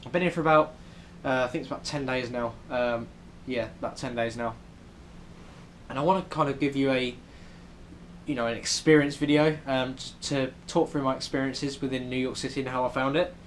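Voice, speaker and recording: A man's voice: mid-range voice, fairly even intonation, brisk, slight background noise. A young man with a British accent, chatting casually in a travel vlog with lots of ums. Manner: chatty, many ums, rambling. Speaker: vlogger. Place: hotel room in New York City.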